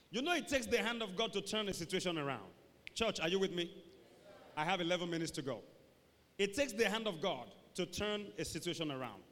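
Animated preacher in a big hall. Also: male voice, high-pitched. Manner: animated, acts out voices, shouts for emphasis. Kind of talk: sermon. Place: large church hall. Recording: long hall reverb.

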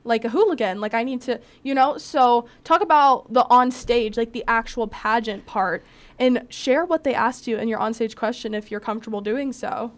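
A woman's voice: on the high side, moderate pace. Bubbly, chatty young woman host. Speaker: podcast host. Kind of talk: casual chat.

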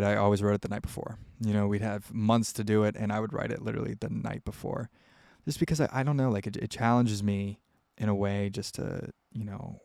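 Gravelly young man, candid podcast ramble. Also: fairly low pitch, darkish tone, dry recording, studio quality. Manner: candid, rambling, with frequent fillers. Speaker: podcast host answering listener questions. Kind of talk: casual solo podcast.

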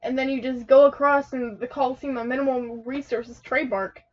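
A young woman co-hosting a podcast in casual chat, swearing and teasing, breaking into loud laughter. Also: high voice, steady tone, a little fast, highs cut off. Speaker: podcast co-host.

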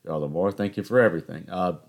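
Deep-voiced young man rambling casually. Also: fast. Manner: rambling, joking, self-interrupting. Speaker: podcast host. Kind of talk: casual solo monologue.

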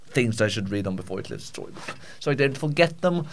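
Male host, casual rambling chat, self-mocking, mid-range pitch. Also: big pitch swings, fast. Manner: self-deprecating, rambling with fillers. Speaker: host and story reader. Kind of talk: casual behind-the-scenes chat.

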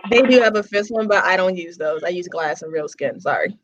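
Female guest, blunt profane talker, mid pitch, lo-fi recording. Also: lively intonation, fairly quick. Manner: blunt, profane, matter-of-fact. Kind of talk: casual storytelling chat. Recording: dull lo-fi sound.

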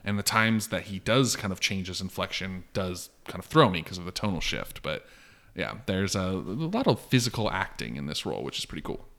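A married man co-hosting a podcast, chatting casually about a film, rambling with lots of "like" and loud acted-out quotes. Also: sits low, lively intonation, brisk, creaky. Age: adult, long married. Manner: rambling, heavy on "like", acts out quotes with big jumps in loudness. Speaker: podcast co-host.

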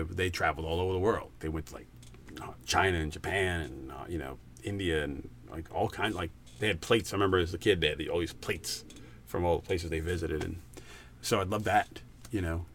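A man's voice: sits low, a bit bright, a little hiss or hum. A man chatting casually as a guest on his wife's podcast, jokey and rambling, laughing a lot. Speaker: podcast guest, host's husband. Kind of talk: casual chat.

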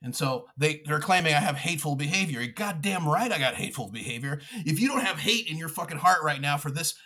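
A man's voice: fairly high pitch, expressive, fast talker, pushed and bright. A man hosting a podcast, delivering a furious, profane political rant with mocking asides. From United States. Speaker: podcast host.

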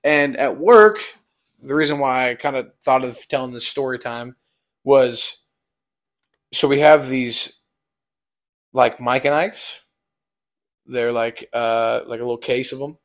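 A man's voice: medium pitch, unhurried, pauses often. A young man telling a casual storytime on a podcast, rambling with lots of fillers.

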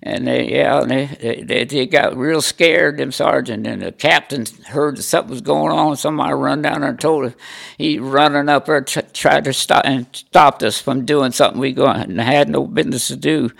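Older man in his nineties from Indiana with a gravelly edge to his voice, at an ordinary pitch for a man, tells frank, salty stories in an interview. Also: moderate pace, a bit bright. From Indiana, USA. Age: 90s. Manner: blunt, salty storytelling with repeated "I said". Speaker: veteran interviewee. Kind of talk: recounting life stories in an interview.

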